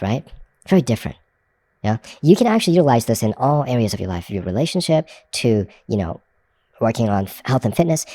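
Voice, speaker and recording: A man with a mellow, dark voice gives a recorded lesson on a very dry sound. He explains in loose spoken runs, restarts often and keeps checking in with "right?". Now and then he repeats a phrase in different tones to demonstrate. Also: medium pitch, no room sound. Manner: demonstrates shifts of tone by saying the same phrase several ways. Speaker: hypnosis course instructor.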